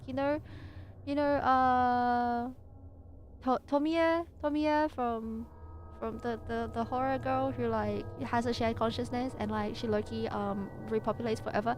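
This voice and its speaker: A woman livestreaming, chatting in a playful, rambling and silly way between reading passages from her home PC setup. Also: a little high. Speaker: VTuber streamer.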